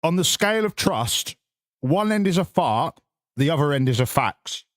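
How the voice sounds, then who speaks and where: A man's voice: on the high side, sing-song, moderate pace, no room sound, clean studio sound. A man, chatting casually with his viewers on a live stream in sarcastic, sweary, mock-lecturing rants.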